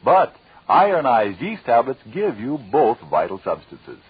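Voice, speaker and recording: A male announcer reads persuasive 1930s radio ads with emphatic, lively pitch. His voice is very husky and low. The old recording sounds dull. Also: a little slow, no echo.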